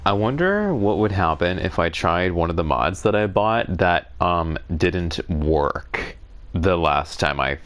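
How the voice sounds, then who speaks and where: A man's voice: deep voice, expressive, takes it slowly, fairly bright tone. A man streaming a game, talking to himself in a casual, wry, musing way, congested from a cold. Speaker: gaming streamer. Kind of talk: casual solo gameplay commentary.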